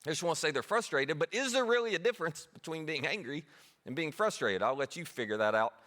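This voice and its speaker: A man's voice: a little high, animated, fast, fairly bright tone. A man preaching a sermon as pastor, talking conversationally and poking fun at himself. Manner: conversational, self-deprecating.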